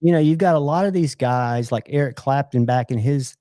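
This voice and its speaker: A man's voice: medium pitch, a little fast, dark tone, no room sound. A middle-aged man hosting a livestream, chatting casually and joking as he tells rambling stories. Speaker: livestream host.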